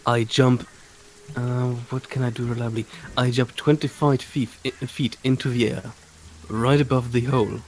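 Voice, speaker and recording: A man's voice: mid-range voice, fairly even intonation, moderate pace, darkish tone, slight background noise. Brash, profane man playing a tabletop game. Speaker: player. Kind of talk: casual tabletop game chat.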